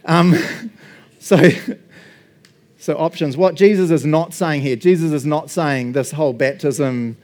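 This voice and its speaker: A man, a pastor, gives a relaxed, chatty sermon. His voice sits a little on the high side. He jokes constantly and laughs between points. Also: unhurried, long pauses. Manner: chatty and jokey, tag questions like "right?" and "eh?"; laughs often, acts out little quoted exchanges. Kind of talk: casual sermon.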